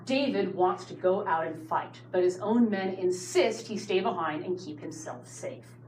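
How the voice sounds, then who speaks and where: A woman teaching a Bible study class, telling the story with lively asides to her students, in a roomy space with faint noise. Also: lowish voice, a little slow.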